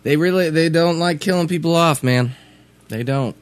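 A man's voice: on the high side, normal speed, smooth. A young man co-hosting a podcast, dry and teasing in casual banter. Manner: dry, laid-back, teasing. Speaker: podcast co-host.

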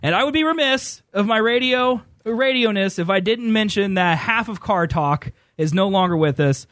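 High, lively-voiced male radio host. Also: normal speed, dry recording, studio quality. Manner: joking, laughs often. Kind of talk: casual radio chat.

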